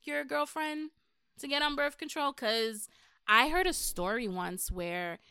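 A woman's voice: high-pitched, a little slow, bright, forceful tone, no room sound, clean studio sound. A woman, a podcast guest chatting casually, frank and profane, telling stories with animation. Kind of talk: casual chat.

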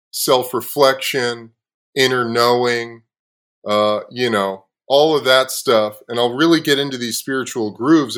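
A man hosting a podcast, telling a story in a casual, profane way with frequent laughs, sometimes dropping low and quiet. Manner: swears freely, laughs often. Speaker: podcast host.

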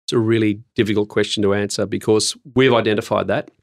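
A middle-aged man who answers interview questions in a measured, earnest way with frequent pauses and ums. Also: fairly low pitch, level tone, no room sound, clean studio sound. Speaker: podcast guest, industry program leader.

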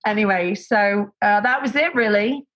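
Animated woman telling stories. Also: medium pitch, moderate pace, lo-fi sound. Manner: animated, acts out quoted voices, many fillers and restarts. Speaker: guest, set decorator. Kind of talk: casual anecdotal storytelling.

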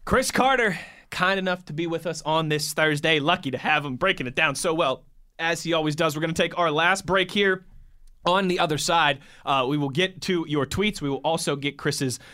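A man hosting a sports talk show, upbeat and smooth, reading segment cues and listener questions. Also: on the high side, normal speed, sharp tone.

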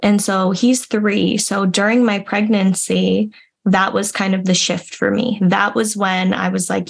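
A woman's voice: mid-range voice, flat delivery, unhurried, creaky. Earnest young woman talking reflectively. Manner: earnest, reflective, many restarts. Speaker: guest. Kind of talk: casual interview conversation.

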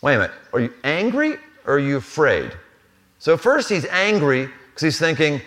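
Conversational male preacher, slightly high voice. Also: very animated, moderate pace, a bit bright. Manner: conversational, humorous, acts out scenes. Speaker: pastor. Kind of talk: sermon. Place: live church venue.

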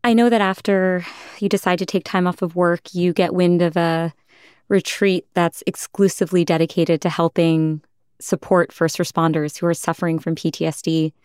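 A woman podcast host interviewing gently, affirming her guest and reflecting her feelings back to her. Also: fairly low pitch, flat delivery, moderate pace, clear, resonant tone, no room sound, clean studio sound. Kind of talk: empathetic interview.

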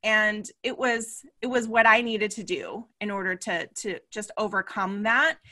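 A woman guest in an interview, a business mentor telling her story in a lively way and acting out the voices she quotes. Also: mid-range voice, measured pace. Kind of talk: casual interview chat.

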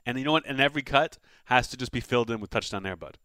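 A man's voice: mid-range voice, rapid-fire, noisy background. A man co-hosting a podcast, riffing in rambling comedic chat. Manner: rambling, joking riffs. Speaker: podcast co-host.

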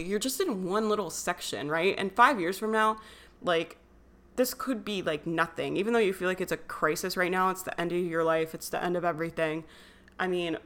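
A young woman with a slightly low voice talks straight to her listeners in a relaxed podcast monologue. She sounds earnest and encouraging, peppering her talk with "like" and "right?". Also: fairly quick. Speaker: podcast host. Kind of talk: casual motivational monologue.

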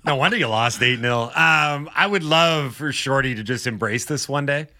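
A man's voice: medium pitch, normal speed, bright, forceful tone, no room sound, studio quality. A man co-hosting a sports radio show in casual talk, joking and laughing often.

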